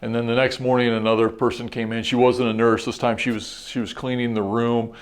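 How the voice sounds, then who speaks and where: A man's voice: medium pitch, little pitch movement, fairly quick, clean tone. Earnest middle-aged male pastor preaching. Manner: earnest, reflective storytelling with repeated restarts. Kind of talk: sermon.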